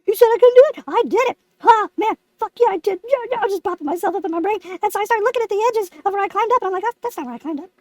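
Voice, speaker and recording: A woman's voice: extremely high pitch, rapid-fire, few pauses, darkish tone, no room sound, clean studio sound. A woman voicing a brash, foul-mouthed lemon puppet host, telling a boastful comic story.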